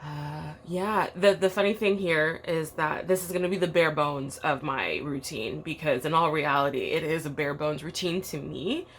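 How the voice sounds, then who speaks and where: A woman's voice: deep voice, normal speed, hardly any pauses, a bit bright, a little hiss or hum. A woman with a groggy morning voice, chatting bluntly and rambling with fillers in a casual vlog from a treehouse. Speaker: tarot vlogger. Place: outdoor treehouse.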